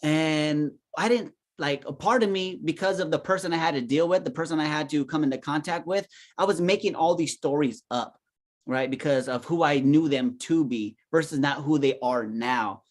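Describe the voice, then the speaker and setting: A man's voice: a little high, moderate pace. A man co-hosting a podcast, telling a personal story reflectively in casual chat. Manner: reflective, keeps asking "right?". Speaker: podcast co-host.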